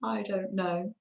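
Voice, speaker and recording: A woman's voice: mid-range voice, vocal fry, warm tone, reverberant, lo-fi sound. A woman hosting a chatty craft livestream, reading out and answering viewer comments and laughing often. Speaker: livestream host.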